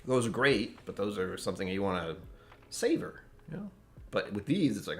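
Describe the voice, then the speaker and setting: A man's voice: fairly low pitch, very animated, moderate pace, soft background music. A man hosting a casual whiskey tasting live stream from home, rambling and joking as he chats with viewers. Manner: rambling, joking, self-interrupting. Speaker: whiskey channel host.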